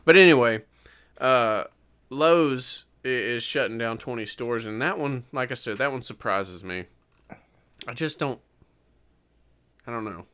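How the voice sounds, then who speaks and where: A man's voice: mid-range voice, animated, measured pace, long pauses, sharp tone, clear, resonant tone. A man co-hosting a podcast in casual chat, rambling and hedging with lots of fillers. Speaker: podcast co-host.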